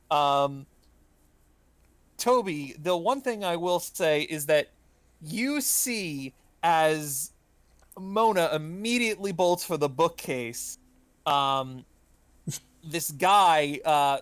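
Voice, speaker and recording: Smooth-voiced male game master, hesitant. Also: a little high, a bit bright, no room sound. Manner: hesitant, full of ums and uhs. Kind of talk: narrating a tabletop game.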